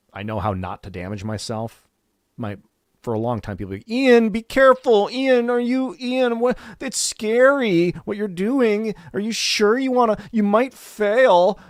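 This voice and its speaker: A man's voice: fairly low pitch, no echo, clean studio sound. A man hosting a gaming stream, chatting casually and candidly, swearing freely and acting out what other people said. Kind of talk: casual rambling chat.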